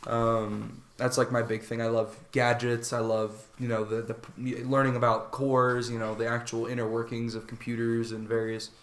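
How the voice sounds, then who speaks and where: A man co-hosting a casual podcast. He talks in a relaxed, rambling way, restarts often and fills the gaps with "um" and "like". His voice sits at an ordinary pitch and echoes in a live room. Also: normal speed, few pauses. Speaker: podcast co-host. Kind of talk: casual chat.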